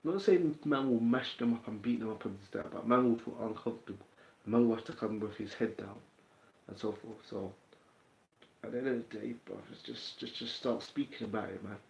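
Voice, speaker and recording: Gravelly London man, casual livestream. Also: on the low side, fairly quick, darkish tone. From England. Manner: streetwise, chatty, answers viewer comments. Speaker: livestream host. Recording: roomy, dull lo-fi sound.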